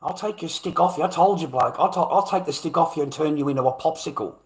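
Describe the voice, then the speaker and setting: A man with a fairly high voice talks fast while ranting on his own livestream channel. He's confrontational and sarcastic, swearing and repeating himself.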